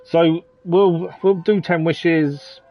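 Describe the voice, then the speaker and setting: A man's voice: fairly high pitch, fairly even intonation, extremely slow, muffled recording, faint music behind. A man commentating casually on a live game stream, chatty and chuckling often as he answers his chat.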